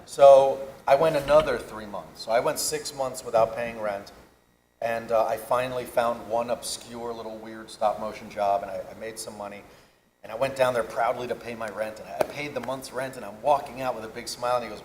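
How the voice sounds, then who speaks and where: Animated man telling stories in a roomy hall. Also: medium pitch, brisk, slight background noise. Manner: animated, digressive anecdotes. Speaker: convention panel guest. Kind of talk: storytelling on stage. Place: convention panel room. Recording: roomy hall, faint ambience.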